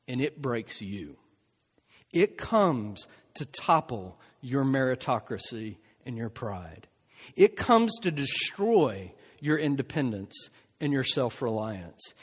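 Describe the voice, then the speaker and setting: Expressive male preacher in a reverberant hall. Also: on the high side. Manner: expressive, dramatic swings between soft and emphatic. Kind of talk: sermon.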